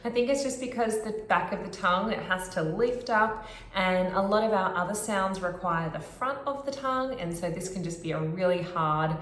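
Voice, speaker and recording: A woman speech pathologist, explaining therapy techniques clearly and demonstrating sounds. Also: mid-range voice, normal speed, fairly bright tone, echoey room, a little hiss or hum. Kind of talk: instructional explanation to camera.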